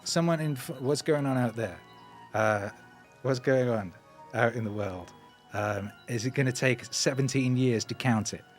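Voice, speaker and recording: A man's voice: mid-range voice, echoey room, in a large hall. A man hosting a casual livestream, rambling loosely and jokily and reading viewer comments aloud, into a microphone on a stand in his home studio. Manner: loose, rambling and jokey, with playful asides. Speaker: livestream host and musician. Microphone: microphone on a stand in front of him. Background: music playing.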